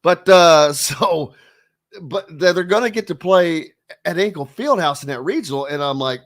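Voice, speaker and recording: A man's voice: fairly high pitch, animated, normal speed, a bit bright. Chatty male sports radio host. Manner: rambling, with many fillers and restarts. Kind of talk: casual sports radio talk.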